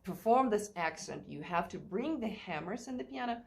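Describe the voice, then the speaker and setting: A woman's voice: mid-range voice, lively intonation, moderate pace. Chatty woman teaching piano. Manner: chatty, thinks aloud, sings rhythms. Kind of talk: play-along piano tutorial. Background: piano playing.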